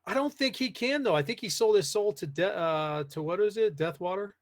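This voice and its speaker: Rambling, slightly high-voiced man hosting. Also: animated, a little fast. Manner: rambling, many fillers, reads chat aloud. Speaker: podcast host. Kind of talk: casual live-stream chat.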